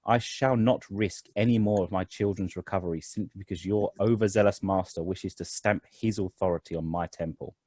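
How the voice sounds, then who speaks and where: A man voicing a tired, stern priestess who speaks with a soft Chilean accent in a tabletop game. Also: low voice, fairly even intonation, fairly quick, hardly any pauses, breathy edge, no room sound. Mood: cool rebuke.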